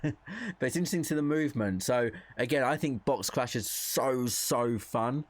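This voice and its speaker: A man's voice: medium pitch, moderate pace, no room sound. A young man giving casual gameplay commentary, thinking aloud in a chatty way and reacting to the play as it happens. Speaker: gaming content creator.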